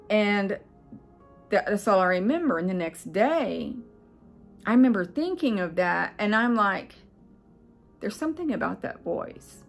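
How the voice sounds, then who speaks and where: Earnest rambling woman vlogger. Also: mid-range voice. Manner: earnest, rambling, many fillers and restarts. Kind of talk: casual first-person storytelling.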